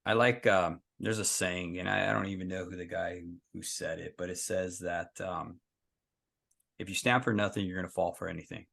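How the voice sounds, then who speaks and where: A man's voice: low-pitched, steady tone, moderate pace, gravelly, fairly bright tone. A man hosting a podcast, talking in an earnest, emphatic way and telling stories in a casual conversation. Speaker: podcast host.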